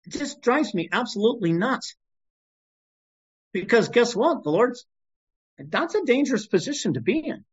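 A middle-aged man teaching a sermon in an informal, animated way, reading scripture aloud. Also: very high voice, normal speed, long pauses, slightly rough. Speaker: pastor. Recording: dull lo-fi recording.

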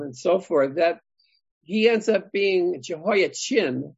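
A group Bible study leader who talks the passage through out loud and keeps turning questions back to the group. The voice has a gravelly fry and a husky edge. It comes through a dull, lo-fi recording. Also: medium pitch, expressive, slow pace, dry recording. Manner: thinking aloud, asks the group questions.

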